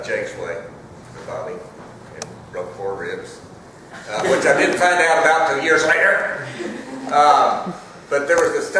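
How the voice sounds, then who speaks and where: An older man spins a long, rambling tale at a panel, stopping often for ums and uhs. His voice sits at an average pitch. It is heard from far off in a very echoey hall. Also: background noise. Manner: rambling, fills pauses with um and uh. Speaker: actor on a Q&A panel. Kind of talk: casual storytelling. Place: festival hall with a live audience.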